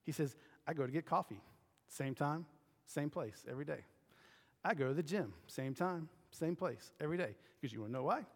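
Male pastor, slightly high voice, chatty sermon delivery with questions to the room, long hall reverb. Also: moderate pace. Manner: conversational preaching, asks the crowd questions.

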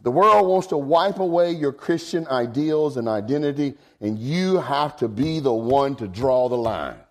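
A man, preaching a folksy sermon. He swings from low asides to high, emphatic exclamations. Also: animated, measured pace. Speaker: pastor.

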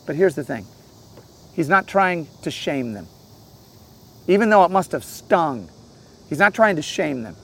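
A man giving an earnest, storytelling sermon outdoors by a lake, swinging between loud and soft passages. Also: fairly high pitch, big pitch swings, unhurried, vocal fry, pauses often. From St. Louis area. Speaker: pastor.

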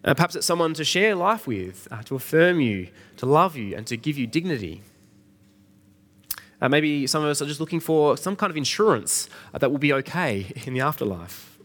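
A man's voice: fairly high pitch, sing-song, moderate pace, fairly bright tone. A middle-aged man preaching an Easter sermon in a conversational way, asking the congregation questions. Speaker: pastor.

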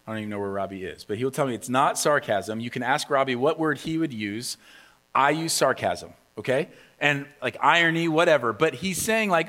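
A man's voice: on the high side, a bit bright. A man preaching a casual teaching sermon, conversational and emphatic, acting out quotes with a raised voice.

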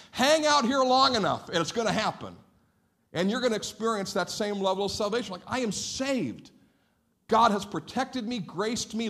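Animated man preaching a sermon. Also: a little high. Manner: animated, conversational preaching with mock-quoted listeners. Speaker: pastor. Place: church sanctuary.

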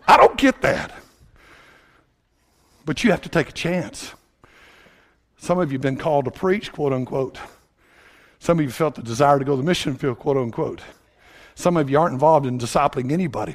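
A man from Tennessee, preaching a sermon in a folksy, animated storytelling way that swings up to shouting. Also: a little high.

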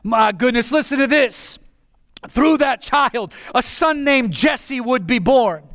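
A man preaching a sermon with passion, often rising to a shout. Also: very high voice, slow pace, dry recording. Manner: impassioned, bursts into shouting.

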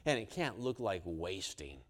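A man's voice: deep voice, sing-song, unhurried. Preacher man in a reverberant hall. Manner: dramatic, swings between hushed and loud. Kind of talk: sermon.

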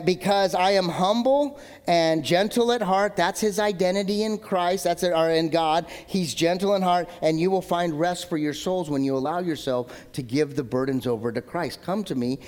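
A male pastor in his thirties preaching a sermon in a conversational, joking way, swinging between loud emphatic lines and low asides. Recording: long hall reverb.

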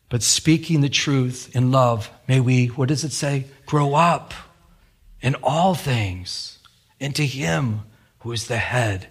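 A middle-aged man, a pastor, preaching a sermon in church with animated storytelling and acted-out quotes. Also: medium pitch, breathy edge. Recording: radio broadcast of a sermon.

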